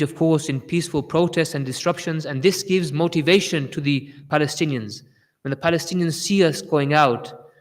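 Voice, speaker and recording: A man's voice: on the high side, in a large hall. A man delivering a Friday sermon with passion, often repeating his phrases for emphasis. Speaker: preacher giving a Friday sermon.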